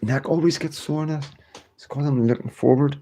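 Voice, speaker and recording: Man in his fifties hosting a home livestream, loose and chatty, reads out comments, quick to laugh. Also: a little high, steady tone, noisy background. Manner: chatty, rambling, laughs often. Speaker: livestream host. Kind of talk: casual livestream chat reading comments.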